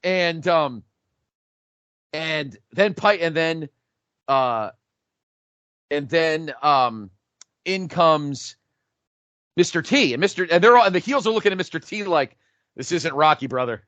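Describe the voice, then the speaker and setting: Excitable man with a bright, dull-sounding voice. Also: on the high side, takes it slowly, long pauses, dry recording. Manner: animated, profane play-by-play storytelling. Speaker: podcast co-host. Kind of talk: excited casual chat.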